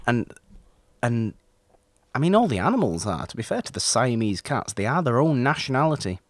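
A man's voice: medium pitch, moderate pace, dry recording. A man co-hosting a casual film discussion, rambling and often restarting his sentences. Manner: rambling, self-interrupting, animated.

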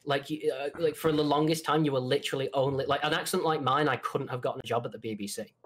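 A man's voice: mid-range voice, fairly even intonation, fast, fairly bright tone. A young man in his twenties from Manchester with a Mancunian accent, talking casually as a podcast guest, swearing often and full of fillers. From Manchester, England. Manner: swears a lot, many fillers and restarts.

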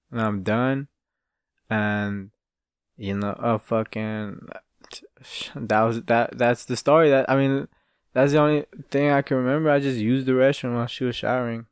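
A man's voice: medium pitch, clear, resonant tone, no room sound, studio quality. A man hosting his own podcast, telling stories in a rambling, profane and casual way. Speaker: podcast host. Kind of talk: casual solo storytelling.

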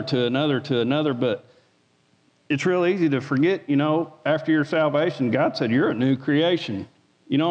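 A man giving an informal sermon as a lay preacher, folksy, repeating words and asking the room for an amen. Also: fairly high pitch. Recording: dull sound with long hall reverb.

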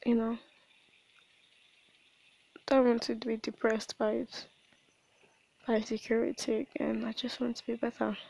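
Young woman, voice diary, soft and halting, high-ish voice, dry close phone sound. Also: flat delivery, gravelly, husky, dry recording. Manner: soft-spoken, hesitant, halting with restarts. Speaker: personal audio diarist. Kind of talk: reflective voice diary. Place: at home at night. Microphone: phone voice recording.

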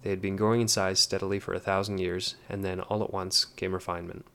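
A man narrating an audiobook in a measured, even way. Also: deep voice, vocal fry.

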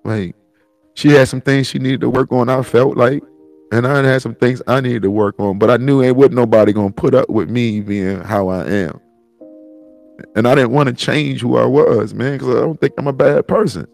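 A man's voice: medium pitch, moderate pace, gravelly, darkish tone, no echo, faint music behind. A man hosting a solo podcast, thinking aloud in a rambling, profane, heartfelt way. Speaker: podcast host. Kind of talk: solo reflective monologue.

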